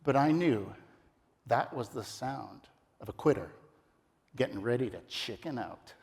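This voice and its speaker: A man's voice: medium pitch, expressive, a little slow, gravelly, darkish tone. A middle-aged man delivering a theatrical, comic story speech in a competition in a large ballroom. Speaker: contest speaker. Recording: reverberant ballroom.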